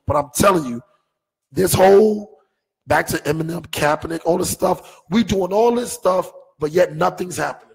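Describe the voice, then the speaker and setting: A man's voice: high-pitched, moderate pace, vocal fry, husky, in a large hall, poor audio. A man in casual sports talk, arguing his point with emphatic rhetorical questions.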